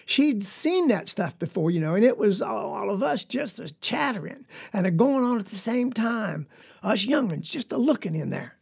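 Southern accent, young farm girl as played by a woman, folksy drawl, dark mellow tone, husky. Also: medium pitch, animated, moderate pace. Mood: earnest. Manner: rambling, folksy, confiding. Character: young farm girl telling a story, earnest. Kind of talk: dramatic monologue.

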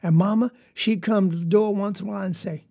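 A woman's voice: medium pitch, steady tone, quick pace, creaky, warm tone. A woman with a Southern US accent playing a young farm girl who tells a story in a rambling, folksy, confiding way. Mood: earnest. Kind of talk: dramatic monologue.

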